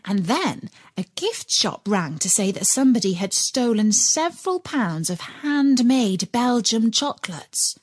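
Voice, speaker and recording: A woman narrating a children's audiobook in an expressive storytelling way. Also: on the high side, a little slow, few pauses, slightly rough, no room sound.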